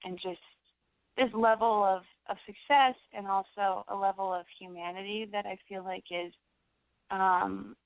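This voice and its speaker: A young American actress chatting in an interview, rambling with lots of fillers and restarts. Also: female voice, fairly low pitch, gravelly, dry recording. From United States. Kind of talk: casual interview chat. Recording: dry tinny phone-like sound.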